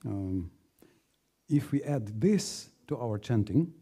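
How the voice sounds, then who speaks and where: Husky low-voiced man teaching gently. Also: expressive. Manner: halting, repeats words, acts out little scenes. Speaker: spiritual teacher. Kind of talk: informal spiritual talk.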